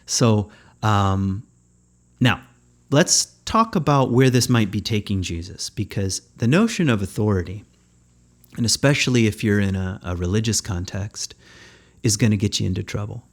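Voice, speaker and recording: Podcast host, male, lowish voice, thoughtful conversational spiritual teacher who pauses to find his words. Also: expressive. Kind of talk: reflective spiritual teaching talk.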